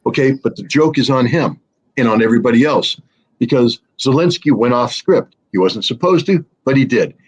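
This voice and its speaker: Husky-voiced man, blunt commentator. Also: mid-range voice, lively intonation, normal speed. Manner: blunt, sarcastic, frequent fillers and restarts. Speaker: political commentator guest. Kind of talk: interview commentary.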